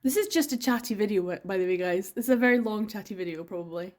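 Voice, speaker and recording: A woman's voice: medium pitch, lively intonation, fast talker, darkish tone. An enthusiastic woman chats on camera about books in a loose, rambling way. She drifts between thoughts, fills gaps with ums, and laughs easily as she goes. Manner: rambling, enthusiastic, frequent laughs and trailing fillers. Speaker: book vlogger. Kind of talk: casual chatty vlog.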